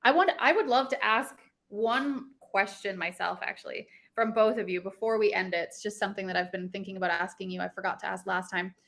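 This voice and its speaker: A woman hosting a webinar, reacting warmly and openly to a guest's story. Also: mid-range voice, a little fast, vocal fry, hardly any pauses. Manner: warm, responsive, easily moved. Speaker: webinar host. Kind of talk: casual webinar chat.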